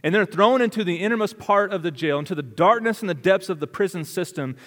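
A man preaching a sermon in a high, ringing voice. He drives his points with rhetorical questions and swings from loud urgency to hushed intensity. Each phrase trails off into the long reverb of a large hall. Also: fast. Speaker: pastor.

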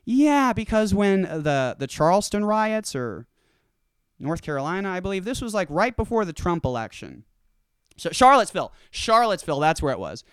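A man talks in a casual, profane rant and tells stories by acting out each voice. His pitch sits a little high and jumps all over as he gets worked up. His voice is smooth and clear, and it is recorded close and dry with no room echo. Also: normal speed. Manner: profane, animated storytelling with acted-out quotes. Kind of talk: casual ranting monologue.

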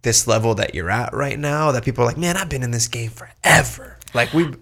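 A man co-hosting a podcast in a gravelly voice with a bright, forceful edge. He is laid-back and slangy, asking curious questions. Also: mid-range voice, fairly quick. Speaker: podcast co-host. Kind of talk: casual podcast interview.

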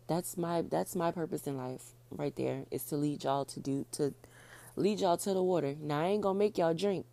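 A woman hosting her own podcast, talking fast and casually, repeating points for emphasis. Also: low voice, vocal fry, warm tone. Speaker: podcast host. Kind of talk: casual solo podcast talk.

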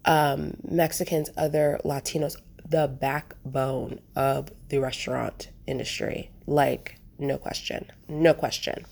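A woman's voice: very deep voice, steady tone, slow pace, creaky, few pauses, a little mellow. A woman telling travel stories in a casual vlog, chatty and rambling, with lots of fillers and restarts. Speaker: travel vlogger.

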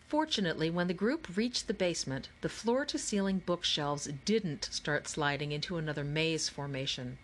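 A woman narrating a children's novel as an audiobook, in a clear, even storytelling manner. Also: low-pitched, moderate pace, hardly any pauses, a little hiss or hum. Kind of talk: scripted narration.

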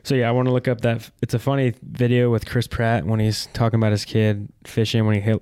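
A man co-hosting a podcast in casual chat, relaxed, blunt and joking. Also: medium pitch, fast, clean tone, dry recording. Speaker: podcast co-host. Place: studio. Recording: dry close studio mic.

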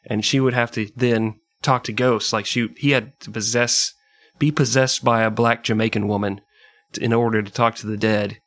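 A man's voice: medium pitch, steady tone, normal speed, a bit bright, dry recording. A man hosting a casual podcast, reading historical passages aloud and laughing often between them. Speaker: podcast host.

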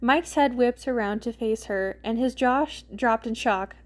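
A woman's voice: a little high, a little slow. A woman podcast host reading fan fiction aloud expressively, acting out the characters' lines.

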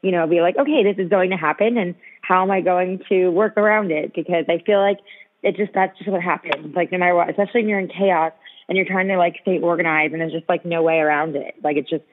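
Speaking fast in a lowish register, a woman co-hosts a podcast via a tinny-sounding phone call. Her casual chat is full of lively storytelling and an endless stream of "like."

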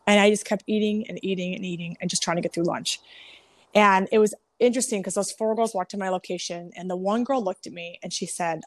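A woman's voice: medium pitch, a little fast, no echo. Frank, laughing salon-owner woman, dry sound. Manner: frank, self-deprecating, laughs often, hedges with "I don't know"; animated, swears casually. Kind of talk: candid storytelling.

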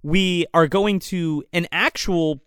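A man's voice: a little high, slow, a bit bright, clean tone, no echo, clean studio sound. A man co-hosting a podcast, casually and profanely retelling movie scenes with lots of swearing. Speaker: podcast co-host.

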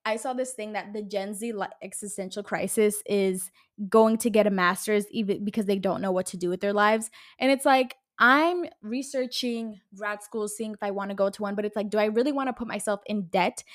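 A woman's voice: medium pitch, moderate pace. A woman in her twenties, a podcast host, ranting heatedly in casual talk, swearing and using a lot of fillers. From California. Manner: heated, profane, uses lots of fillers. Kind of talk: casual solo podcast rant.

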